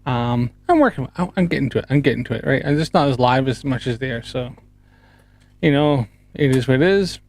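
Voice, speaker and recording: A Canadian man hosting a casual livestream, talking to his chat in halting bits full of fillers. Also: mid-range voice, darkish tone, no room sound. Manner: halting, filler-heavy, chuckling asides to chat. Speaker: livestream host.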